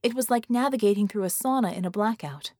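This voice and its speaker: Clean studio sound without echo frames a woman's mid-range voice as she narrates an audiobook. Her scripted storytelling stays measured and steady.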